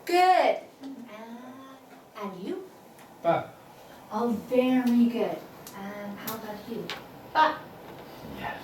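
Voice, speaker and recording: Warm and expressive, a high-pitched female Chinese teacher talks slowly with long pauses during a lesson. She patiently repeats tones for her students amid many fillers. The sound is echoey and distant, with a little faint noise.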